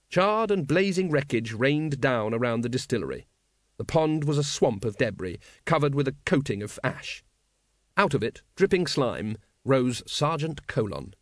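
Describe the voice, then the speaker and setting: A man reading a comic fantasy novel aloud as an audiobook narrator, with expressive, dryly comic storytelling. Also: mid-range voice, normal speed, no room sound, studio quality. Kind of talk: scripted narration.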